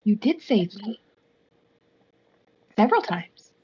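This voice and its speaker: A woman playing a tabletop game as an adventurer, speaking slowly and carefully. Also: mid-range voice, big pitch swings, husky, lo-fi sound. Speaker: player.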